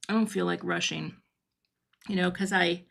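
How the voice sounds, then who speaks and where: A woman's voice: lowish voice, fairly even intonation, moderate pace, gravelly, fairly bright tone. Chatty middle-aged woman crafting live. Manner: chatty, thinks aloud while working, answers viewer comments. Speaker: card-making livestream host. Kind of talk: casual crafting livestream chat. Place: home craft studio.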